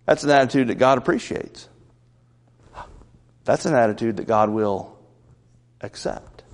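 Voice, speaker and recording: Gravelly-voiced preacher in a reverberant sanctuary. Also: male voice, medium pitch, a little slow. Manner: folksy, conversational preaching with questions to the congregation. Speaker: pastor. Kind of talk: sermon. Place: church sanctuary. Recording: long church-hall reverb.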